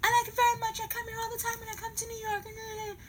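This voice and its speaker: A woman putting on the voice of a soft-spoken, gentle male pop star during a comic story. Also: very high voice, completely flat delivery, quick pace, a little hiss or hum, pitched above the performer's own voice. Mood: polite.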